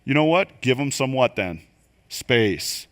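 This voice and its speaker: An older man giving a church leadership training talk, animated and quick to act out the voices he quotes. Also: mid-range voice. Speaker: leadership coach. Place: church venue.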